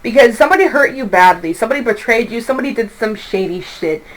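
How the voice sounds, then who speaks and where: A young woman giving a casual tarot reading, animated and profane, slipping into quoted voices as she talks. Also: fairly high pitch, fast talker, poor audio. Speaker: tarot reader.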